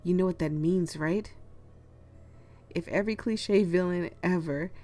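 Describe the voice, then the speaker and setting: A woman's voice: lowish voice, a little slow, warm tone, faint music behind, natural voice. A woman reading the lines of a brooding, blunt young man from a story game, in her own everyday voice. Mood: stern.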